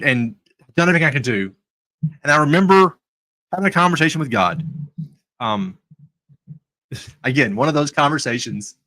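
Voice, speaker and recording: A man's voice: a little high, sharp tone, low-quality recording. An American man hosting a live talk, telling stories in a sarcastic, conversational way. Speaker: host. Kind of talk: live talk on faith and trading.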